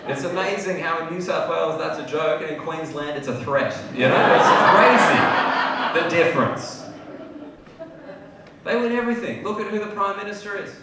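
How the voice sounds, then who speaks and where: A man's voice: moderate pace, recorded from a distance. Brash, sweary Australian man on a comedy club stage. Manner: brash, sweary, swings between shouted bits and low asides. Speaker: stand-up comedian. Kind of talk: stand-up comedy set. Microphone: handheld stage mic. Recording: echoey club, heard from afar, loud audience noise.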